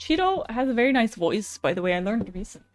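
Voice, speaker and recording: A young woman hosts a live stream and chats loosely with her viewers, greeting them and telling stories between card readings. She laughs easily and drops casual swears. Soft music plays faintly behind her. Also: a little high, sing-song, fast.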